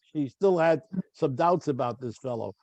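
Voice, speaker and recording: A man's voice: medium pitch, lively intonation, a little slow, a little mellow, no room sound, muffled recording. A man teaching a Bible study class on a video call. He reads verses aloud in Hebrew, asks his students questions and prompts them to read. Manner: questioning, prompting readers, chatty asides.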